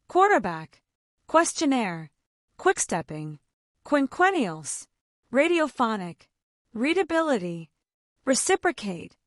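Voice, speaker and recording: Slow, careful woman reading words aloud. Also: high-pitched, dry recording, studio quality. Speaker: pronunciation reader. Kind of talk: reading a word list aloud.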